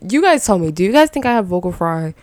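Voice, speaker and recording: A young woman hosting her own podcast, chatting loosely with lots of "like" and side thoughts, in a slightly raspy voice. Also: mid-range voice, very animated, fast talker, darkish tone, no echo. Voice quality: slight rasp. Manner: rambling, chatty, with filler 'like' and self-doubting asides. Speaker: podcast host. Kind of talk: casual solo podcast chat.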